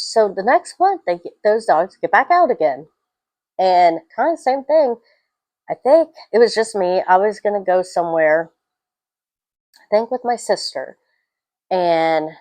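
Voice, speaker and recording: A young adult woman giving a casual, rambling film review, telling stories with animated swings and tangents. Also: lowish voice, no room sound, low-quality recording.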